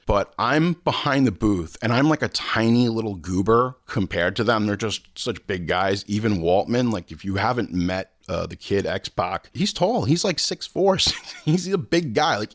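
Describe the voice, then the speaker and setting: A man with a fairly low voice tells a rambling story in a loose, casual way, cursing freely and leaping way up in pitch whenever he acts out what someone said. The sound is dry and close, with no room around it. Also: dry recording. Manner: animated, swearing, acts out quotes with big pitch jumps. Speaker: podcast host.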